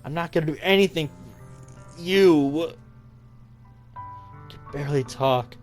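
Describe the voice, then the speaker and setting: A man's voice: a little high, slow, soft background music, voice pushed up. A man voicing a despairing, drowsy teenage girl who talks in bitter, fading lines.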